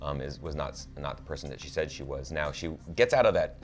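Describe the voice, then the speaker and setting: Deep-voiced man recapping a TV episode. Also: fast talker. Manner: animated, lots of fillers and restarts. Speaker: show co-host. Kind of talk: casual TV recap chat.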